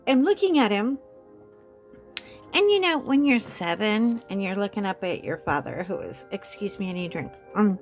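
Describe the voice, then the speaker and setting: A woman hosting a coloring chat, telling a story casually with animated delivery and frequent laughter. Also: a little high, moderate pace, soft background music. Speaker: host.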